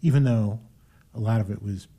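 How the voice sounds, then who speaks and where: Older male host, low and mellow, chatting warmly and haltingly about the past. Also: breathy edge. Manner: reminiscing, halting, with many fillers. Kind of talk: casual chat.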